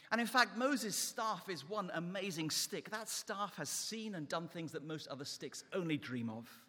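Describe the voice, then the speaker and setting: A man's voice: on the high side, lively intonation, normal speed, few pauses, bright, forceful tone, big-room sound. A man preaching a sermon in an emphatic delivery that rises and falls. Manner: emphatic, rising and falling delivery.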